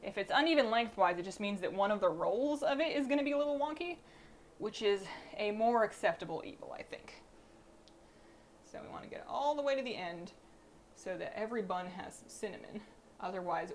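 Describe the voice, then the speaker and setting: A woman's voice: medium pitch, animated, fairly quick, a little hiss or hum. A woman chatting casually while she bakes on a live stream in her home kitchen. She thinks aloud as she works and pokes fun at her own mistakes. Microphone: streaming mic through a mixer.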